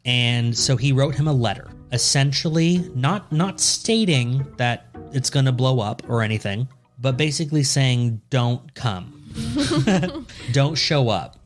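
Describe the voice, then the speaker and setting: A man's voice: mid-range voice, a little slow, few pauses, faint music behind. A man co-hosting a podcast, telling a history story in a loose, joking way and swearing freely. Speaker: podcast co-host. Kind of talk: casual storytelling chat.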